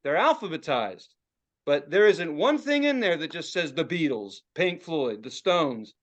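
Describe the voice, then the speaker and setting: A male podcast host tells a long story in casual chat and swears freely as he goes. His voice sits fairly high and swings widely in pitch, which keeps the delivery animated. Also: unhurried, highs cut off.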